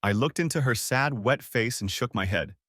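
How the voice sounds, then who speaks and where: A man's voice: mid-range voice, moderate pace, fairly bright tone, no room sound, studio quality. A man narrating a first-person revenge story in a dramatic, sarcastic storytelling manner. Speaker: audiobook narrator.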